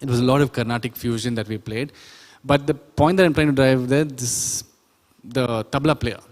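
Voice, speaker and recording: Chatty instructor, echoey hall. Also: male voice, mid-range voice, steady tone, moderate pace. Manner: chatty, often quizzes the audience. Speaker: sound production instructor. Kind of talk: classroom lecture. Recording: reverberant lecture hall.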